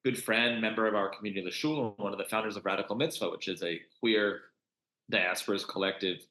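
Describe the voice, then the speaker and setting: A man being interviewed as a congregation organiser, talking passionately with frequent restarts and swings in pitch. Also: steady tone, fairly quick, pushed and bright. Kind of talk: conversational podcast interview. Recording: roomy echo.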